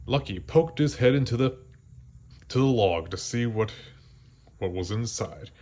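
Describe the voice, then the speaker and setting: A man reading a children's storybook aloud, gently slowing down for the suspenseful parts. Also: fairly low pitch, animated. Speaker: storybook reader. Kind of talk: children's read-aloud narration.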